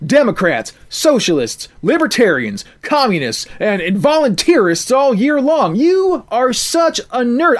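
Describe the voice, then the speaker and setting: A man doing a shrill, furious teenage bully. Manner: shouting, scornful, insulting. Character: angry bullying teenage boy bandmate, red-headed.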